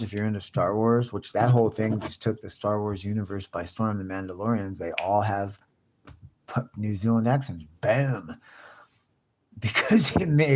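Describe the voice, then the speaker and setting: Slangy, profane man, low-pitched. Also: darkish tone. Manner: profane slangy chatter, constantly saying "dude". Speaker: livestream host. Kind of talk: casual rambling live chat.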